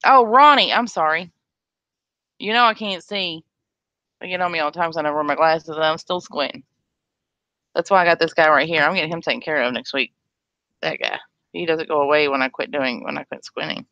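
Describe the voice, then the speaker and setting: A woman's voice: deep voice, fairly quick, long pauses, bright, forceful tone, no room sound, lo-fi sound. Woman, casual livestream host, blunt, sarcastic, chatty.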